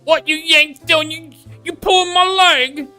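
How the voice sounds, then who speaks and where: A man voicing a rowdy working-class British bloke with a put-on Cockney-style accent, loud and rough. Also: very high voice, fairly even intonation, a little slow, soft background music, voice pushed up, full character voice. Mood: cheeky.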